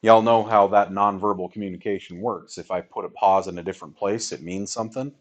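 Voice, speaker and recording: A man's voice: fairly low pitch, steady tone, brisk. Casual man teaching a math class. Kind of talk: classroom lecture.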